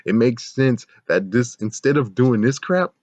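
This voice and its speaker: A man's voice: mid-range voice, unhurried, a little mellow, dry recording. A man ranting casually and with exasperation in a show review, rambling and swearing often. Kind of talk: casual video review rant.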